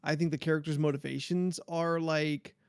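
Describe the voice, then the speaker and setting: A man with a high, gravelly voice co-hosts a podcast, talking in a relaxed, agreeable way. The sound is dry and close, with no room to it. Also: moderate pace, no echo. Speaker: podcast co-host. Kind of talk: casual chat.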